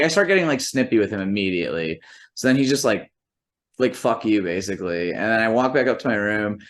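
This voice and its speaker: A man's voice: lowish voice, a bit bright. Rambling, profane male storyteller. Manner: profane, rambling, lots of "like" fillers; quotes people in rough imitation while storytelling. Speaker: musician and comedian. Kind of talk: casual anecdote telling.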